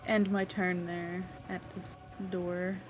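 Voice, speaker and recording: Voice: medium pitch, flat delivery, slow, over music. A player in a tabletop game, thinking aloud and unsure about their move. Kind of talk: casual tabletop game play.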